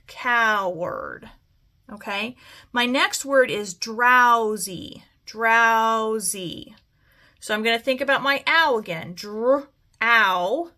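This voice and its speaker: A woman's voice: on the high side, bright, forceful tone. A woman teaching a phonics lesson, stretching out words sound by sound and often checking in with "okay?". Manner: patient, keeps asking "okay?".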